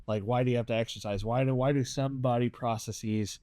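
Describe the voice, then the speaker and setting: A man chatting casually as a podcast co-host, animated, acting out characters' lines as he talks. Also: mid-range voice, a little fast, no echo. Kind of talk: casual chat reviewing a series.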